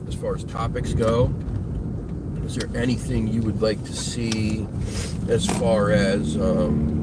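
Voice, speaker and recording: A man hosting his paranormal investigation show, chatting casually and thinking aloud to his viewers in a rambling way. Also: fairly low pitch. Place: at home, partly outdoors by the pets' houses. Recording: noisy home recording.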